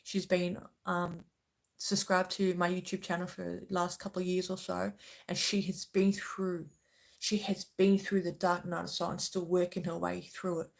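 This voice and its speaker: A woman's voice: on the low side, flat delivery, moderate pace, creaky. A woman hosting a spiritual channel, speaking earnestly and passionately to her viewers, often checking in with "okay?". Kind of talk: emotional spiritual talk to viewers.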